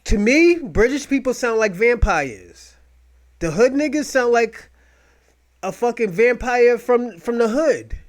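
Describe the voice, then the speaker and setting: High-pitched man ranting profanely. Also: expressive, a little slow. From United States. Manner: loud, rambling, mocking rants. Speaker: podcast host. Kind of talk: profane casual commentary.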